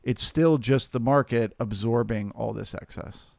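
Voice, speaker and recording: A man hosting a live trading stream, talking through the market in a relaxed, chatty way and greeting viewers by name. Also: mid-range voice, a little slow, vocal fry, dry recording, clean studio sound.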